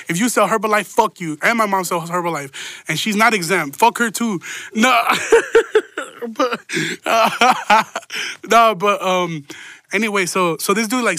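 A man's voice: high-pitched, pushed and bright, dry recording. A man telling a rambling, profane story in a casual monologue, with laughing asides.

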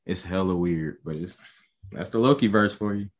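A man's voice: low voice, normal speed. A man reacting in casual chat, slangy and laughing often. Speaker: podcast co-host.

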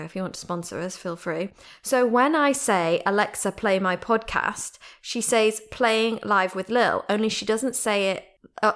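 At home, a podcast host from Britain works through listener emails, reading them out and adding giggly, bubbly commentary. She speaks at a medium pitch with a fairly bright tone.

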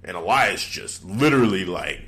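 A man with a fairly low voice talks through a casual recap, his pitch jumping around as he gets into it. He laughs often and acts out what others said in quick little impressions. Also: lively intonation, a bit bright. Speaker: podcast co-host. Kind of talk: casual wrestling recap chat.

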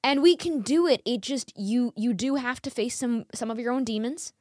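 A woman's voice: fairly high pitch, moderate pace, darkish tone, slight background noise. A woman hosting a podcast interview, talking earnestly and emphatically, often repeating her phrases. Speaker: podcast host. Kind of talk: casual interview chat.

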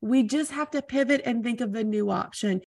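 A woman podcast host with a higher voice and a gravelly edge, gushing as she chats with her guest. She talks in long, winding thoughts full of enthusiasm. The sound is dry and close. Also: normal speed, a little mellow, no room sound. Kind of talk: casual interview chat.

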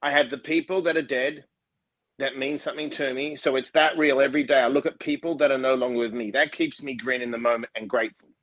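A man's voice: medium pitch, steady tone, fast, a bit bright, no room sound. Emphatic man talking as a guest. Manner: emphatic, intense, repeats himself for stress. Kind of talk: casual interview chat.

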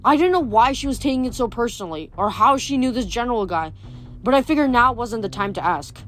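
A woman reading a novel aloud in a steady storytelling voice, with small slips and restarts. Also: fairly high pitch, fast, faint music behind. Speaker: reader.

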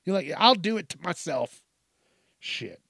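Man, news commentary host, crude, laughing, slightly high voice, dry recording. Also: big pitch swings, a little slow, gravelly, fairly bright tone, breathy edge, dry recording. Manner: profane, laughing, acts out quotes in exaggerated voices. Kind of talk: casual commentary on news stories.

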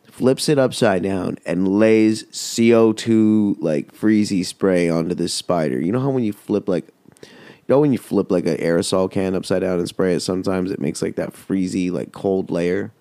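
Low, mellow-voiced man telling a rambling story. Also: no echo. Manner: rambling and heavily profane. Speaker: podcast host. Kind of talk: casual storytelling.

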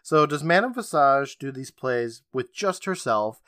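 A man's voice: medium pitch, expressive, a little slow, a bit bright, no room sound, clean studio sound. A man co-hosting a casual podcast, recapping episodes with a chatty manner, acting out quotes and laughing often.

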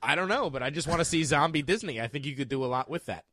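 A man's voice: a little high, lively intonation, quick pace, fairly bright tone, no echo, clean studio sound. A man co-hosting a trivia podcast in casual chat, joking and laughing often. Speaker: podcast co-host.

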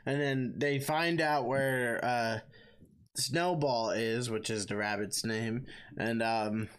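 A man's voice: medium pitch, steady tone, slow, clean tone. A man co-hosting a podcast in casual chat, recapping the story in a laid-back way. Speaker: podcast co-host.

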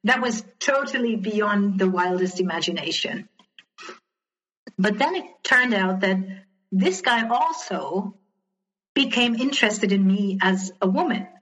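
Woman, podcast guest, mid-pitched, candid storyteller who quotes others, slightly muffled recording. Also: measured pace. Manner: candid, animated retelling, often quoting others. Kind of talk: personal storytelling in conversation. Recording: slightly dull lo-fi audio.

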